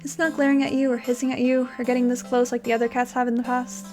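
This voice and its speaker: A young woman streams a let's play, reading the game's narration aloud with drama and chatting between lines with hesitant fillers. Her voice is fairly high and level, a little mellow, and she talks fast over soft background music.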